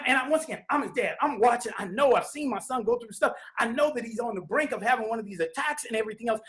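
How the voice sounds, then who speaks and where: A middle-aged man telling his story as a father. He speaks in a heartfelt, halting way, stumbling over restarts and coming back to the same phrases again and again. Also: very high-pitched. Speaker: father sharing testimony. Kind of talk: emotional personal testimony.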